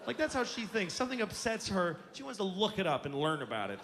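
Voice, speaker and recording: A man in his forties doing stand-up, his fairly high voice swinging widely as he tells exasperated, self-mocking stories. It is a live stage recording with clear background noise behind him. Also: sing-song, quick pace, fairly bright tone, in a large hall. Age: 40s. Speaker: stand-up comedian. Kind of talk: stand-up comedy storytelling.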